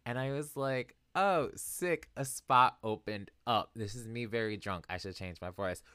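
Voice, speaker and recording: A young man chatting casually as a podcast co-host, an animated storyteller who acts out quotes and laughs often. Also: medium pitch, a little slow, clean tone, no room sound, studio quality. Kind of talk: casual chat.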